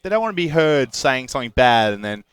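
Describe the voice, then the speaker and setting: Fast, bright-voiced rural Australian caster. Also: male voice, mid-range voice, smooth, no echo. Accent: thick rural Australian. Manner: chatty, energetic, loose. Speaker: esports caster. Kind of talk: live esports commentary.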